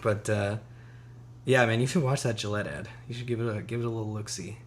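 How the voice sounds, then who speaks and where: A man's voice: on the low side, fairly even intonation, a little fast, slight background noise. A young man co-hosting a podcast in casual chat, rambling with lots of fillers, swearing and laughing often. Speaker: podcast co-host.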